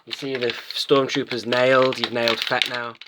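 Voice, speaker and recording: A man's voice: mid-range voice, level tone, normal speed, very noisy. A British man in his late thirties, chatting enthusiastically and rambling as he unboxes and reviews toys in a casual vlog. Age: late 30s. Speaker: toy collector vlogger.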